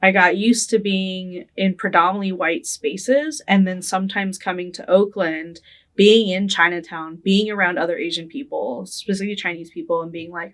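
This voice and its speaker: A woman's voice: medium pitch, steady tone, unhurried, fairly bright tone. A young adult woman from Northern California talks through her childhood memories for an oral history interview. She keeps a casual, reflective tone, often adds "right?", and laughs lightly now and then. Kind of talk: reflective personal storytelling.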